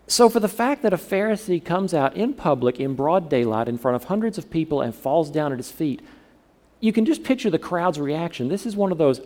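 A pastor from the southern United States preaches a sermon conversationally, frequently putting questions to his congregation. His voice is a little high with a darkish tone.

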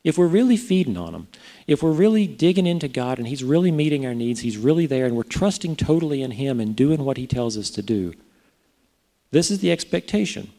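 A man's voice: medium pitch, sing-song, brisk, warm tone. A man preaching a sermon in a conversational way, often putting rhetorical questions to his listeners. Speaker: pastor.

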